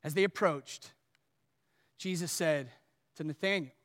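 A man preaching a sermon, animated, swinging between loud emphatic lines and soft low ones. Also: measured pace. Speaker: pastor. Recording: long hall reverb.

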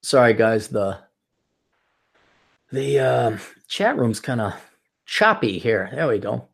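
A man in his forties hosting a casual solo podcast, rambling and profane, now and then mocking others in shrill put-on voices. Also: sing-song, slow, gravelly, breathy edge. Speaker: podcast host.

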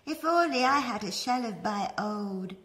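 A woman's voice: medium pitch, animated, a little slow, fairly bright tone, voice pushed up. Woman doing an eager, dreamy slug. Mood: wistful. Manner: wide-eyed and wistful. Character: cheerful young male slug, eager and dreamy.

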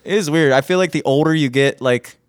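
There's no room sound on this remote podcast recording, where a man of Greek and Italian descent co-hosts with profane, animated joke-telling and crude casual talk. He curses a lot, and his voice is a little high and a little fast.

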